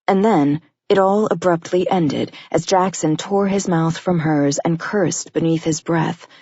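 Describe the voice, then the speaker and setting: Romance audiobook reader, woman, low-pitched and intimate, dry close sound. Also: unhurried, mellow, breathy edge, no echo, dull audio. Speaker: audiobook narrator. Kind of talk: scripted romance narration.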